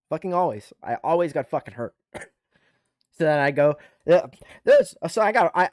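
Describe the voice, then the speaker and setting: A man's voice: mid-range voice, darkish tone, no room sound. Profane ranting man, dry close mic. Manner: swears constantly, restarts, rants animatedly. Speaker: livestream host and army veteran. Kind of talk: casual profane storytelling. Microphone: desktop USB microphone.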